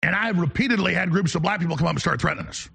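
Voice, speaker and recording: Man, talk radio host, emphatic monologue, bright tense tone, husky. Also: sits high. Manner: emphatic, ranting, fast-talking.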